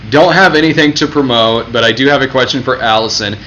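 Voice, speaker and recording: A man's voice: medium pitch, fast talker. A young man hosting a livestream, chatting casually, laughing often and swearing freely. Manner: laughs often, profane, relaxed. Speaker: livestream host reading questions. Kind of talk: casual chat. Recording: echoey room, dull lo-fi sound, faint noise.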